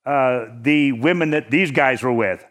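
A man preaching a sermon in a conversational teaching manner, slowing down to stress key words. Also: medium pitch, fairly bright tone.

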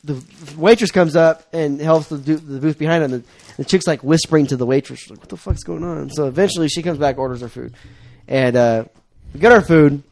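A man's voice: a little high, brisk, hardly any pauses, a little mellow. A young man telling a story in casual chat, swearing often, laughing and acting out what people said. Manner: profane, laughing, acts out quotes.

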